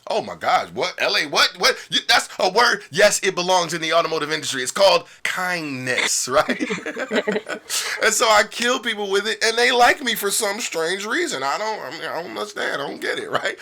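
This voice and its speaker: A man as a sales trainer on a podcast, playful and animated, acting out phone calls and laughing often. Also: on the high side. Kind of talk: podcast conversation.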